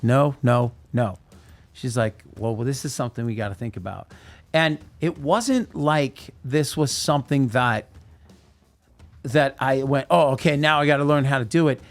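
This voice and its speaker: A man casually telling the story of how he got into music, animated and quick to act out the voices of people in his anecdotes. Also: medium pitch. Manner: laughs easily.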